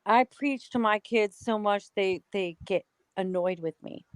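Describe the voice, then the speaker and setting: A woman's voice: mid-range voice, unhurried, clear, resonant tone, no room sound, poor audio. A woman from the United States, a guest in a heated casual talk, ranting angrily and swearing constantly. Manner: angry, profane ranting.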